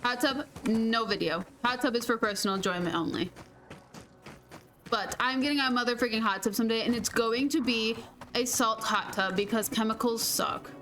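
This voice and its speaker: High-voiced chatty woman streamer. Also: normal speed, a bit bright. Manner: chatty, laughs often, playful mild cursing. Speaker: game streamer. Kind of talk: casual gameplay chat.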